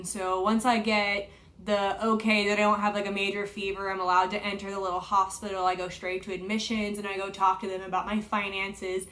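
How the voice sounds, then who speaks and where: A woman's voice: mid-range voice, fairly bright tone. A young woman telling a personal story to camera in a chatty, casual way, full of fillers and retold dialogue. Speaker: vlogger.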